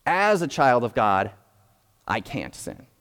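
A young adult man gives a sermon in a hall, and his mid-pitched voice trails off into a long reverb. He explains patiently and carefully, often restarting his sentences as he thinks aloud. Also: big pitch swings, a bit bright, clean tone. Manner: measured, explanatory, with frequent restarts. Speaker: pastor.

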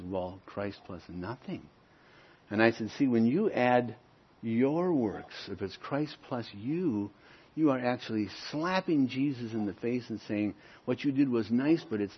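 A man preaching a sermon, moving between loud, emphatic points and quieter storytelling. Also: mid-range voice, breathy edge, lo-fi sound. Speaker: pastor.

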